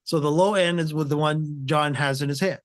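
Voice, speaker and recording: A man's voice: a little high, steady tone, brisk. A man hosting a video tech show, rambling and circling before he makes his point. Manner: rambling, many fillers and restarts. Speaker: host. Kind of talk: casual tech talk.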